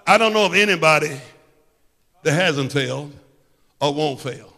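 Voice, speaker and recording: Fervent preaching man, bright and echoing. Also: a little high, animated, moderate pace, vocal fry. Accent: Midwestern American. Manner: fervent preaching, swings from hushed to shouting. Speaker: pastor. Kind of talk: sermon. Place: church sanctuary. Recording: church sanctuary with long reverb.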